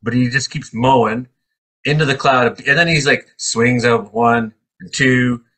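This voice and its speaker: Middle-aged guy from canada telling stories, bright voice, acts out the voices. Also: medium pitch, unhurried. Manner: animated storyteller, acts out voices. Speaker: co-host. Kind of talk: casual storytelling chat.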